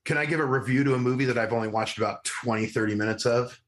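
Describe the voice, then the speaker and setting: A man's voice: mid-range voice, quick pace, slight background noise. A man co-hosting a podcast, chatting casually and rambling with lots of restarts and laughter. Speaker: podcast co-host. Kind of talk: casual chat.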